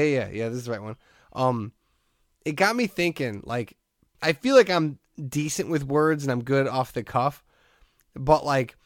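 A man hosting a podcast in casual chat, telling stories in a rambling, animated way and laughing often. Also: medium pitch, no echo, studio quality. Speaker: podcast host.

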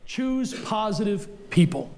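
High-voiced blunt preaching man. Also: sing-song, slow pace, creaky. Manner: forceful, blunt preaching with repeated punchlines. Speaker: pastor. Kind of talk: sermon. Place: church sanctuary.

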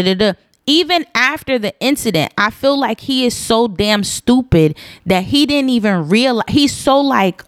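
Casting: woman, casual storytime vlogger, emphatic and animated, mid-pitched, close and dry. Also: no room sound. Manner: emphatic, animated, repeats points for stress. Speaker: storyteller recounting a personal incident.

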